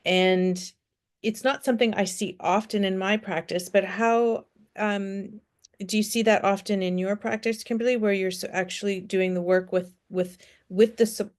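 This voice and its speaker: A woman's voice: mid-range voice, fairly even intonation, moderate pace. A woman in her forties hosting an interview, asking questions in a thoughtful way and sharing her own stories as a therapist. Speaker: host, therapist. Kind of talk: interview conversation.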